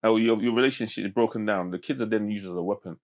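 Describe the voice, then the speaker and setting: A man, a podcast guest telling stories in animated street slang with many restarts. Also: on the low side, fast talker, highs cut off. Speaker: podcast guest, men's mental health campaigner. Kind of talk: casual podcast conversation.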